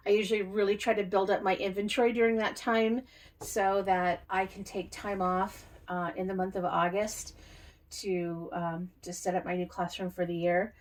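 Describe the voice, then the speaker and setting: A middle-aged woman, a doll artist and teacher, talking through a casual unboxing vlog in a chatty, reflective way with many fillers and soft laughs. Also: medium pitch.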